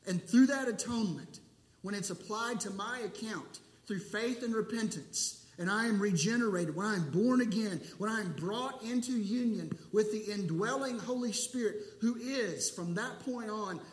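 A pastor preaching an earnest, emphatic sermon, asking rhetorical questions and answering them. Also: male voice, high voice, echoey room.

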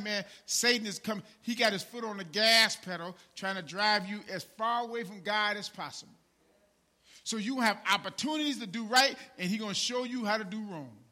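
Here the preacher talks fairly quickly, keeping his sermon conversational. Low asides give way to shouted emphasis, and "man" and "right?" keep cropping up.

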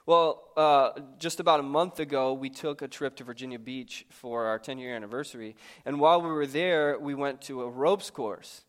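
A man in his thirties, a pastor, telling a personal story in a sermon in a lively, conversational, self-mocking way. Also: medium pitch, normal speed, hardly any pauses.

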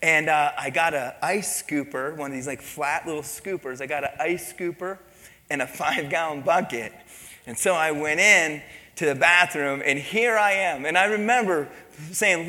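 A man's voice: a little high, normal speed, sharp tone, big-room sound. A man preaching a sermon as pastor, telling a personal story with mimicked voices and laughter.

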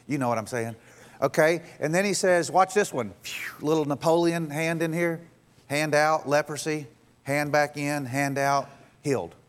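Guy preaching sunday sermon, chatty, talks kinda high, drops low doing god's voice. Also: fairly even intonation, normal speed. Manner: conversational, acts out dialogue with God in a lower voice. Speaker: pastor.

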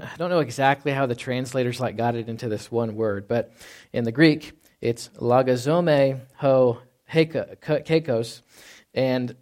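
A man preaching a sermon as pastor in a relaxed, conversational way. He often adds "right?" asides and drops to a quiet voice for emphasis. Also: mid-range voice. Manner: conversational, with frequent "right?" asides and soft laughs.

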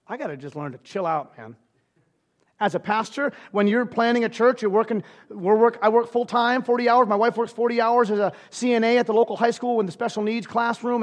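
A male pastor in his thirties preaching a sermon, swinging from loud, animated passages to hushed, near-whispered ones. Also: high-pitched.

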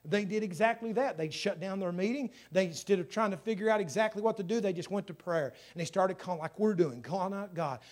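A man preaching as pastor, telling a story and building to fervent, louder passages. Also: high voice. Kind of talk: sermon.

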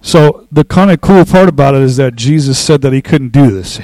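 A man preaching a casual sermon, talking loosely with fillers and restarts, and reading scripture slowly and with emphasis. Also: mid-range voice, dry recording, rough recording. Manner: relaxed, conversational, with fillers and restarts. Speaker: pastor.

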